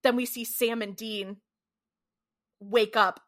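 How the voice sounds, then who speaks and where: A woman's voice: a little high, fairly even intonation, slow. A woman co-hosting a podcast, casually recapping a TV episode in a chatty way, full of "like" and some swearing. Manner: chatty, peppered with "like", swears freely. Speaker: podcast co-host.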